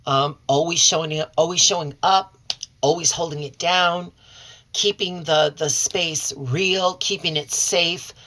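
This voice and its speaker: A woman from Chicago hosting a tarot reading channel, talking casually and warmly to her viewers and calling them y'all and honey. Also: low-pitched, fairly even intonation, a little slow. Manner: folksy and chatty, calls listeners y'all and honey; warm and sincere toward viewers. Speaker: tarot and oracle reader, channel host. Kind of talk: casual direct-to-camera chat.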